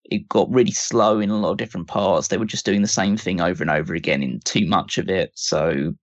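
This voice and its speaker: Low-voiced male podcaster, dull mic. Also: fairly even intonation, fairly quick, no echo. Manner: critical, rambling with fillers. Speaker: podcast co-host. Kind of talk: casual podcast chat.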